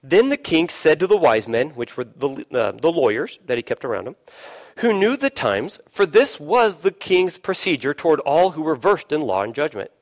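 A man preaching a sermon in a lively, sing-song way, his pitch sitting a bit high. He keeps turning to the listeners with questions, acts out short bits of dialogue, and sinks to a low, quiet voice to land a point. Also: moderate pace. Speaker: pastor.

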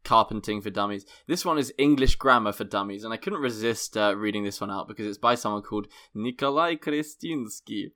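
A man's voice: lowish voice, a little fast, hardly any pauses, bright, forceful tone. A man co-hosting a podcast, joking and reading reviews aloud in casual chat. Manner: jokey, reads listener reviews aloud. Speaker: podcast co-host.

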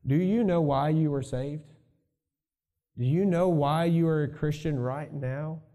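A man's voice: fairly high pitch, unhurried, warm tone. A male pastor preaching a sermon in a conversational way, thinking aloud and adding asides to his congregation.

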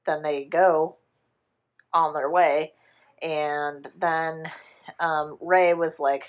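Lower-pitched woman rambling through a plot. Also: dull audio. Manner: rambling, animated retelling with quick put-on character voices and swearing. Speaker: podcast co-host retelling a film. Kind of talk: casual chat.

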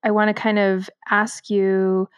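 Flat-voiced woman host, smooth dry sound. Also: mid-range voice, a little slow, dry recording. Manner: long winding questions with many fillers. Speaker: podcast host. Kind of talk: interview questions.

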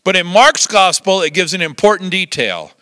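Chuckling as he goes, an older pastor delivers a sermon full of lively stories and acted-out quotes. His voice sits high and his pace is moderate, with no echo in the recording.

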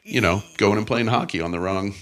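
A man's voice: on the low side, brisk, a bit bright. A man in his forties with a Canadian accent, a comedian guest chatting casually on a podcast, laughing often and rambling. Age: 40s. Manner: laid-back, laughs often, rambling restarts.

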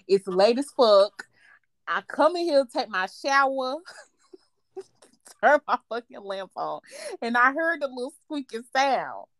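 A woman co-hosting a podcast, telling a story in a profane, animated way and laughing as she goes. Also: fairly high pitch, takes it slowly, long pauses, dry recording, studio quality. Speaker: podcast co-host. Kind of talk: casual storytelling chat.

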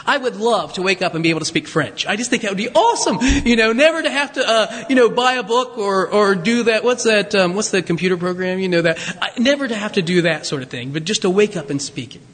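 A man's voice: high-pitched, animated, fast, hardly any pauses, fairly bright tone, in a large hall. A man preaching a conversational sermon, teaching from scripture with joking asides to his congregation. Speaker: pastor.

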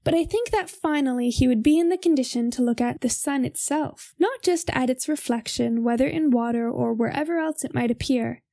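A young woman reading a philosophy text aloud in a measured, formal way. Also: sits high, vocal fry, mellow, no room sound, clean studio sound.

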